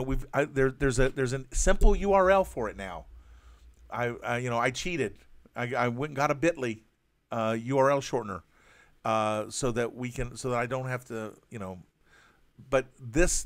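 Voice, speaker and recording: A man hosting a live drawing stream, talking in a halting, stammering way with many restarts, earnest and apologetic. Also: medium pitch, lively intonation. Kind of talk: casual live-stream monologue.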